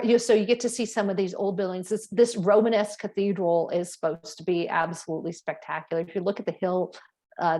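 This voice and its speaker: A middle-aged woman, a travel agent, giving a casual, rambling presentation to clients, with fillers and frequent self-corrections. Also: mid-range voice.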